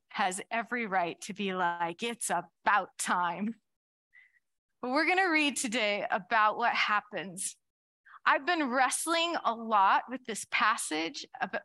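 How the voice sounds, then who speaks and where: Bright-voiced woman giving a chatty sermon. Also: expressive, measured pace. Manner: chatty, acts out quoted voices with big pitch jumps and laughs. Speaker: speaker giving a church talk. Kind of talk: conversational sermon.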